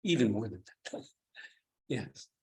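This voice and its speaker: With a warm, sing-song voice on the low side, a man speaks slowly while giving a dharma talk at a meditation retreat. He chuckles often and keeps asking his listeners "do you see?"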